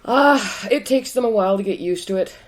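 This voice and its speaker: A woman's voice: mid-range voice, lively intonation, brisk. A woman co-hosting a casual podcast chat, talking bluntly and frankly, with casual swearing. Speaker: podcast co-host.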